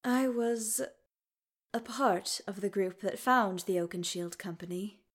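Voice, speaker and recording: Brief: soft-spoken formal elf man, read by a woman, halting, slow storybook delivery. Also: mid-range voice, lightly acted. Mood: hesitant. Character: young male elf, gentle, formal, hesitant. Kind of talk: audiobook character reading.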